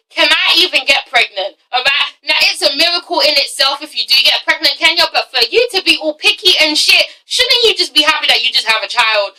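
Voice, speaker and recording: A woman's voice: high-pitched, sharp tone, recorded from a distance, rough recording. A nineteen-year-old woman with an English accent ranting through a casual TV review, sassy and profane, often tacking "okay?" onto her points. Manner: sassy, swears a lot, keeps asking "okay?". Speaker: vlogger reviewing reality TV.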